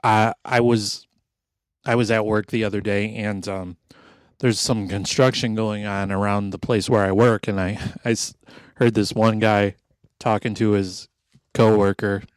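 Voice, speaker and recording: A man's voice: lowish voice, little pitch movement, unhurried, dry recording. A man co-hosting a casual podcast. He talks wryly and swears a lot, and he reads out research notes. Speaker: podcast co-host.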